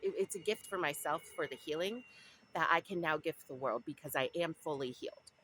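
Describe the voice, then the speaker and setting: A young Southern Californian woman vlogs in a rambling, casual way about her spiritual journey, restarting often and drifting into asides. Her deep voice is brisk and a bit bright, and the low-quality recording has a little hiss or hum.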